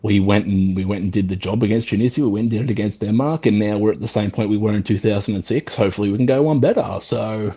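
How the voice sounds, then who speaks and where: An Australian man phones in to a football show, excited and laid-back in casual chat. His voice is low and slightly husky, and it comes through a dull, lo-fi call line. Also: fast, few pauses. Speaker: caller.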